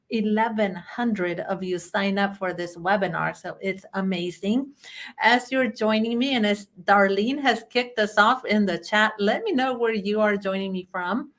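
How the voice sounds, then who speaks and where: An effusive, chatty woman with a Chilean accent opens a live online webinar as its trainer and host. She sits at an ordinary middle pitch and runs through the attendee list by name with easy, friendly energy. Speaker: bookkeeping trainer hosting a webinar.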